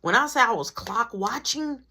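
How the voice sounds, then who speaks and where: A young adult woman telling a story in a storytime vlog, slangy and animated, acting out every part. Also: fairly high pitch, moderate pace, vocal fry, breathy edge.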